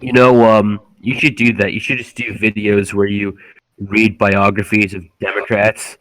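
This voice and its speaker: A man's voice: fairly low pitch, little pitch movement, normal speed, a bit bright, poor audio. A man co-hosting a podcast in crude casual chat, joking and profane. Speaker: podcast co-host.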